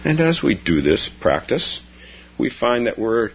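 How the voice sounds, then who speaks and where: A man teaching as a Zen teacher in a gentle, storytelling dharma talk, repeating key phrases softly. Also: medium pitch, sing-song, measured pace, muffled recording, a little hiss or hum.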